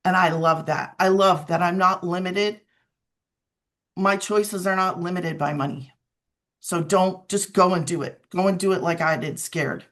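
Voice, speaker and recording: A woman's voice: fairly low pitch, fairly even intonation, a little slow, fairly bright tone. A middle-aged woman giving a casual, earnest testimonial as a guest, talking in an emotional storytelling way. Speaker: guest sharing her story.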